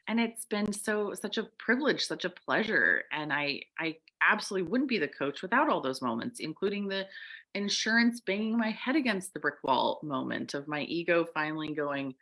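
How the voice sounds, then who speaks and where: A woman co-hosting a podcast as a coach, telling her story in casual chat and acting out the quoted voices. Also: moderate pace. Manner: animated, acts out quoted voices with big pitch jumps.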